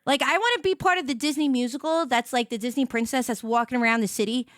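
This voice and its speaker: A woman's voice: sits high, quick pace, fairly bright tone, dry recording, studio quality. A woman hosting a casual morning livestream, rambling and giggling as she chats with viewers and her dog. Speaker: livestream host.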